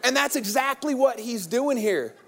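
A man in his thirties, a pastor preaching a sermon as an energetic, joking storyteller. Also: very high voice, normal speed, some chatter behind.

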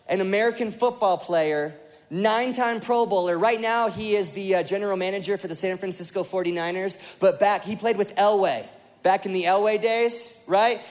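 Animated high-voiced young preacher. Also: male voice. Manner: animated storytelling with many fillers. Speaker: pastor. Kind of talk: sermon.

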